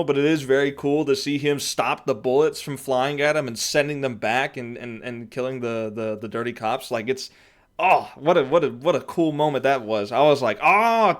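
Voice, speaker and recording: A man giving a casual spoken review, rambling and thinking aloud with lots of fillers and frequent chuckles. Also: mid-range voice. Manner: chuckles often while talking. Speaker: comic book reviewer.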